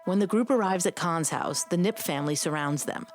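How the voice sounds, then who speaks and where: A woman co-host giving scripted true crime narration in a measured, dramatic storytelling way. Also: on the low side, faint music behind. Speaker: podcast co-host.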